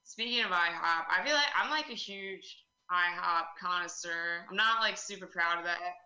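A woman performing a stand-up comedy set, deadpan with chatty filler words. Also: on the low side, normal speed. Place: club room with live audience. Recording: echoey room.

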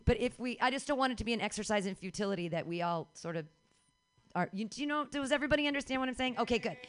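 A woman hosts a comedy show in a small bar venue. She speaks to the audience casually and quickly, rambling and talking over herself. Her voice sits slightly high. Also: expressive, clear, resonant tone. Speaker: show host. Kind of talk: casual address to a live audience.

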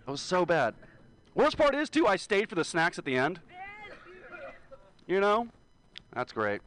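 A young man in his twenties doing a rambling, crude stand-up set. He is hungover and leans into self-deprecating confessions. His voice sits a bit high for a man. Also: huge pitch swings, measured pace, pauses often, fairly bright tone, rough recording. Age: 20s. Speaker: stand-up comedian. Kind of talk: stand-up set at an open mic.

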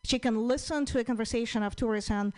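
A woman with a Russian-Ukrainian accent doing stand-up at an open mic. She speaks in a fairly high voice and delivers her jokes deadpan, with halting ums between lines. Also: rough recording. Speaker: stand-up comedian.

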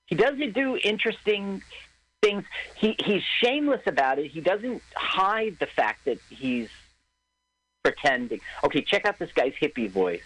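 A man's voice: sits high, sing-song, measured pace, fairly bright tone, breathy edge, poor audio. A man co-hosting an internet radio talk show, chatting casually and rambling about movies, laughing often. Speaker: co-host.

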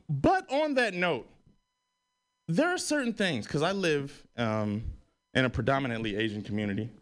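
Animated high-pitched stand-up comic man. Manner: animated, swearing, rising to a high-pitched exclaim. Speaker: stand-up comedian. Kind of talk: stand-up comedy set. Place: radio studio hosting a live comedy show.

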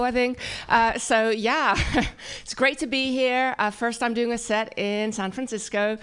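A woman's voice: medium pitch, fairly bright tone, clear, resonant tone. A woman in her fifties from the Netherlands with a Dutch accent, performing a dry, self-deprecating stand-up set at a live comedy venue.

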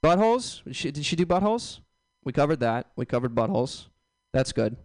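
A young man doing a stand-up comedy set on a club stage, bantering loudly with the crowd and breaking into sudden yelps. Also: a little high, big pitch swings, fairly quick, no room sound. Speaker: stand-up comic.

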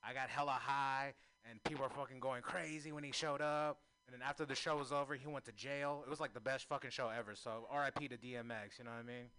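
Male stand-up comic, crude and self-mocking, bright and forceful, mid pitch. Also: steady tone, fast, hardly any pauses, clean tone. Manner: crude, self-mocking, swings to loud shouting. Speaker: stand-up comedian. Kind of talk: stand-up comedy set.

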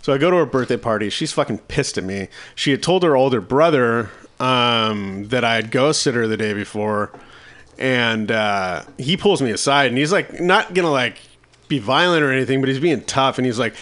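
A man's voice: mid-range voice, moderate pace. A man telling a story in casual conversation, acting out quoted lines with lots of swearing. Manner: animated, acts out quotes with swearing.

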